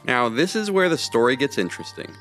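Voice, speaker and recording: Animated man narrating a children's story. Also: mid-range voice, fast talker, faint music behind.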